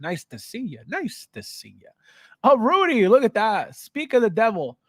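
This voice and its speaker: Lively, high-voiced man hosting a livestream. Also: normal speed, dry recording, clean studio sound. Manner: animated, greets viewers by name, laughs often. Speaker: livestream host. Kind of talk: casual livestream chat.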